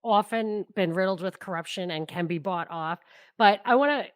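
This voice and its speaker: A woman co-hosting a political podcast, talking casually with wry, sardonic remarks and halting restarts. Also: medium pitch, no echo. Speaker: podcast co-host.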